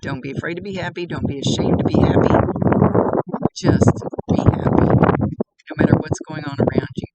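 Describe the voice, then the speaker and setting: A woman working as a psychic medium, chatting casually through a reading, relaying messages and laughing often. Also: lowish voice. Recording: heavy background noise.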